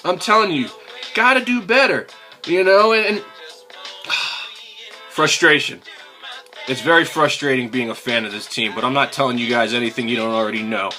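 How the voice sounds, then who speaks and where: A young man hosting a fan video, ranting in exasperation about his football team, swearing and climbing to near-shouts. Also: mid-range voice, a little fast, faint music behind. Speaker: sports fan video host. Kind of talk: ranting football recap vlog.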